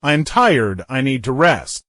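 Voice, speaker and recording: A man's voice: mid-range voice, very animated, takes it slowly, a bit bright, no echo, clean studio sound. A man reading everyday English phrases for beginners, saying each short phrase and then repeating it inside a longer sentence. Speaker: English teacher. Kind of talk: reading example phrases for learners.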